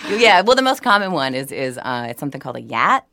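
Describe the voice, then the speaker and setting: A woman from New Orleans, a voice actor, chats as a guest in a casual interview. Her voice sits low and the sound is close and completely dry. She tells her stories animatedly, laughing often and restarting her sentences. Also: big pitch swings, fast talker, bright, forceful tone, no echo.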